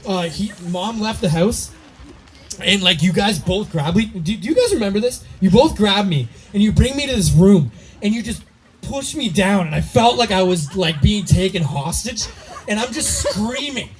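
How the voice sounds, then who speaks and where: A man's voice: high-pitched, lively intonation, normal speed, husky. A young man giving a rambling, joking wedding toast for his brother, slightly tipsy and laughing often as he talks into a handheld mic. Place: wedding reception party. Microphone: handheld microphone. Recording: noisy party crowd. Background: crowd chatter and laughter.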